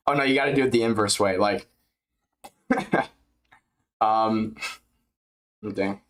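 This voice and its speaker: A man's voice: on the low side, fairly even intonation, unhurried, pauses often. A young man chatting live as a streamer during a fight event, joking, crude and rambling. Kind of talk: live fight-companion chat.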